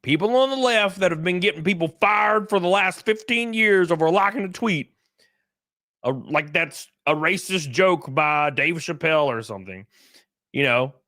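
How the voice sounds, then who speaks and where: Animated, profane man streaming live. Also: sits high, normal speed, dry recording, studio quality. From California. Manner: profane, laughing, acts out other people's voices. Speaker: livestream host. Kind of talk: casual livestream commentary reading chat.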